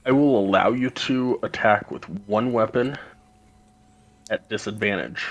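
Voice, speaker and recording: Low-voiced man running a tabletop game. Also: unhurried, rough recording. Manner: hesitant, with filler sounds. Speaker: game master.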